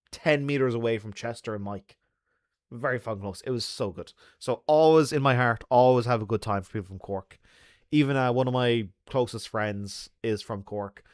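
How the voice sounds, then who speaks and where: A man's voice: lowish voice, dry recording, clean studio sound. An Irish man hosting a live stream, reading viewer comments and chatting in a loose, jokey way with lots of laughs and fillers. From Ireland. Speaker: livestream host.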